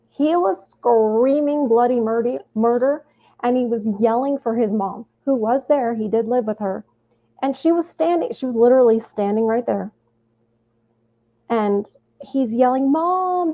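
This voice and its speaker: Woman talking over a tinny phone line. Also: mid-range voice. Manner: rambling, with many restarts and fillers. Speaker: host reacting to a video. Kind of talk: casual commentary.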